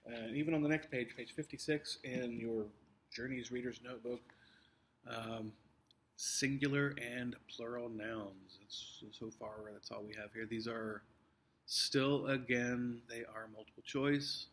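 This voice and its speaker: A man teacher explains an upcoming test to his students, patient and halting. His voice sits at an ordinary middle pitch, and he often restarts his sentences and fills pauses with "um" and "uh". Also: steady tone, a bit bright. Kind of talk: recorded test review for students.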